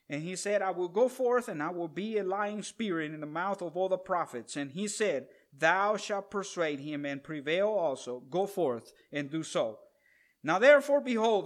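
A man's voice: sits high, fairly bright tone. A man preaching a sermon, reading a scripture passage aloud and breaking off for asides to the congregation, drawing out stressed words. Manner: reads scripture aloud then adds asides, drawn-out stresses.

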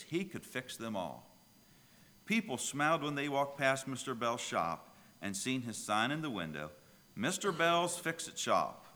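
A pastor preaching a sermon, telling a children's story with lively, emphatic delivery. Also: male voice, mid-range voice, big-room sound.

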